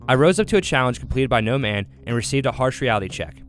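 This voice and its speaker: A man's voice: medium pitch, animated, fast talker, soft background music. A young man narrating his own food challenge in a dramatic, grandiose documentary style. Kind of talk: mock-epic documentary narration.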